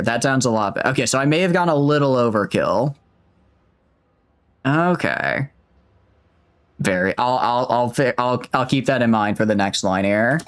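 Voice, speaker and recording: A man's voice: medium pitch, clean tone. A man streaming a video game, chatting casually and rambling in a self-mocking way with many restarts. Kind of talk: casual let's-play commentary.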